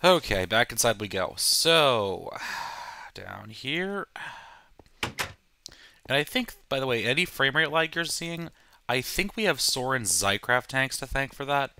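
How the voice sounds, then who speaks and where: A man's voice: medium pitch, animated, a little slow, pushed and bright, clean tone. A man hosting a let's play, talking through his game with casual, joking, self-deprecating asides. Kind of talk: casual gameplay commentary.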